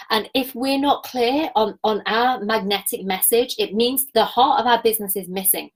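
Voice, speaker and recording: A woman's voice: medium pitch, low-quality recording. A woman in her thirties giving a passionate, chatty business coaching talk and laughing often. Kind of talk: live online coaching talk.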